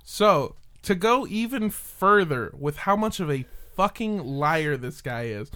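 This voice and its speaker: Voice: medium pitch, lively intonation, a little slow, pushed and bright. A podcast host in casual chat, sarcastically debunking claims, swearing and laughing along the way.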